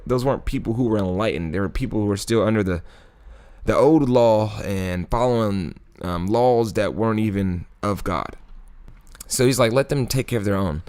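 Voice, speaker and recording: A man with a fairly low voice walks through a Bible chapter as if chatting with a friend. His tone is laid-back and full of slang, and he chuckles often as he retells the story. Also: darkish tone. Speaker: YouTube Bible study host.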